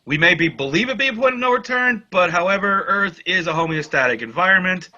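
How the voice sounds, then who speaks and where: A man co-hosting a casual geek news chat, blunt and profane as he argues his points. His voice is bright and lively, rising and falling a lot. The recording is dull and lo-fi. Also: high voice, fast. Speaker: co-host.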